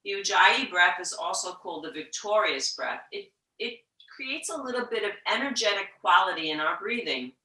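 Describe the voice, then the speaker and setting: A woman teaching a yoga class, talking slowly and gently, sometimes dropping to a whisper to show the breath. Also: medium pitch, animated, distant mic. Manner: slow, gentle guiding with soft whispered breath demos. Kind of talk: guided yoga instruction. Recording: echoey room, voice from off-mic.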